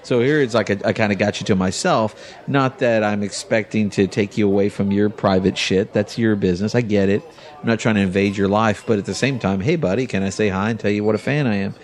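A man's voice: lowish voice, a little fast. A man co-hosting a podcast in casual chat, cracking jokes and swearing. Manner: wisecracking, profane.

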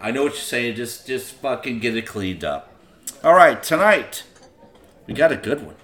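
A man's voice: mid-range voice, very animated, moderate pace, a bit bright. A man hosting a podcast, tasting and rating a beer in a loose, profane, chatty way with lots of filler. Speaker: podcast host reviewing beer. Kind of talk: casual beer-tasting chat.

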